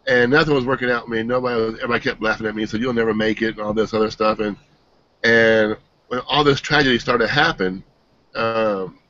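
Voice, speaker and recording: A man giving an earnest, emotional personal testimonial, halting and restarting as he speaks. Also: fairly low pitch, steady tone, sharp tone. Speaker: team member giving a testimonial. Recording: dull, dry lo-fi sound.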